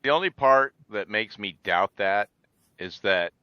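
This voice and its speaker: A man in casual chat, speaking in a measured, dry way. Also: lowish voice, lively intonation, clean tone, dry recording. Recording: dry, dull close mic.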